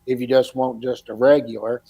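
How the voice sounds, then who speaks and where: A man's voice: medium pitch, flat delivery, brisk, creaky, warm tone, slightly rough. A man hosting a casual podcast about electrical training, talking in a rambling, storytelling way. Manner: rambling storyteller with frequent restarts. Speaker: podcast host and electrical educator.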